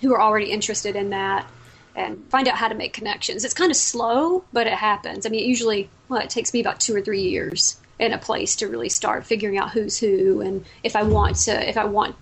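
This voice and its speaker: A woman's voice: mid-range voice, fairly even intonation, fairly quick, gravelly, husky. A woman from the American South with a Southern American accent, a guest in a casual interview. She talks chattily and tells stories, restarting her sentences often. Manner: chatty, warm storytelling with frequent restarts.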